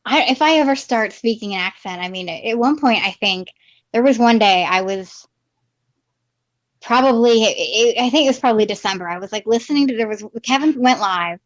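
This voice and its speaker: A woman's voice: a little high, animated, brisk. A woman co-hosting a casual live stream, friendly and agreeable, reading viewers' chat comments aloud. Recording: slightly dull lo-fi stream audio.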